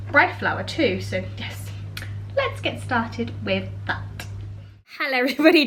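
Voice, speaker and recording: A woman's voice: fairly high pitch, a bit bright, poor audio. A woman with a British English accent talking casually and cheerfully in a home cookery vlog, laughing often. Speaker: vlogger, homemaker. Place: home kitchen.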